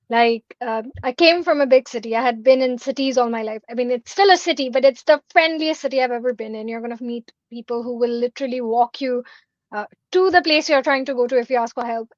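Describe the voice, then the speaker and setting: A woman's voice: on the high side, no echo, dull audio. A woman from India answering as a panelist in an upbeat, chatty way, heard over a video call.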